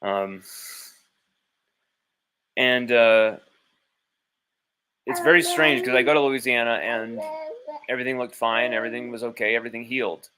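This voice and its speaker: A man's voice: medium pitch, fairly even intonation, normal speed, pauses often, pushed and bright, smooth. A man hosting a sports livestream from home, talking casually in a rambling, blunt way with easy swearing. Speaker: sports podcast host. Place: at home with his child nearby.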